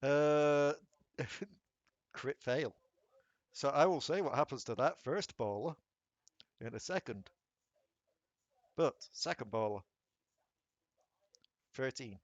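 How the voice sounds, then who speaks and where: A man runs a tabletop game as game master. His voice sits at an ordinary pitch and his talk is chatty, with quick bursts of rules talk and frequent laughs. The recording is dry and close, with no room sound. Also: no echo, dull audio. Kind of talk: narrating a tabletop game over voice chat.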